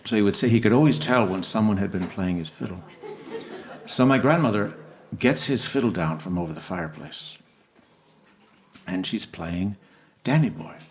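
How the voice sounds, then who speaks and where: A man telling a gentle family story between songs at a live concert, unhurried and soft-spoken. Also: on the low side, animated. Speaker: singer telling a story on stage. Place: live music venue.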